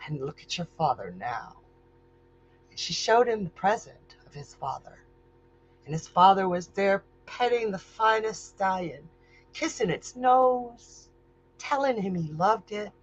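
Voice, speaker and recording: Slow, dramatic woman storyteller. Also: mid-range voice, animated. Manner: emotional, building to intense. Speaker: storyteller and psychic host. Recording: dull lo-fi recording.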